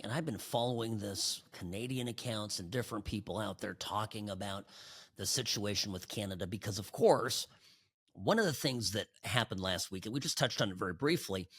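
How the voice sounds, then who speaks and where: A male podcast host giving sarcastic, animated political commentary. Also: medium pitch, slightly rough.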